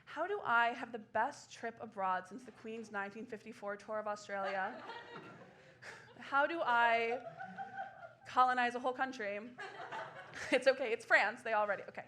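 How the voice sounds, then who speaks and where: A woman in her twenties performing a solo comedy show on a small theater stage, laughing through quick self-deprecating asides. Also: on the high side, sharp tone, a little hiss or hum. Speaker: stand-up comedian.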